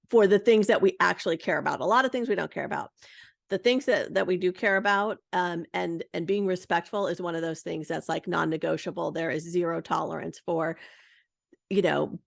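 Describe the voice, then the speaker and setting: A woman in her thirties hosting a podcast, telling a story in a chatty, lively way. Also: fairly low pitch, vocal fry, dry recording, clean studio sound. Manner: chatty, lively, full of "like" and "you know". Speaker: podcast host. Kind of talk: casual storytelling monologue.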